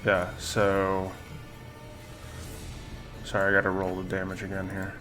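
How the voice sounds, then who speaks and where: A man acting as game master on a live stream, narrating turns and damage in a relaxed, chuckling way. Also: low-pitched, measured pace, faint music behind. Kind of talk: running a tabletop game.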